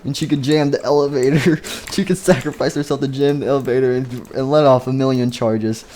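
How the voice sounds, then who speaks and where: A man's voice: medium pitch, steady tone, brisk, mellow, a little hiss or hum. A man casually narrating a homemade game-animation story, rambling with fillers and restarts. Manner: rambling, lots of fillers, laughs at own story.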